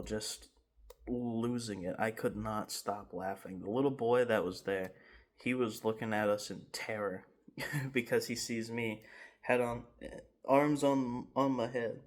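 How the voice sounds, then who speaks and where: A man in his garage telling a rambling, animated story time with laughs and restarts. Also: medium pitch, a little slow. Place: home garage.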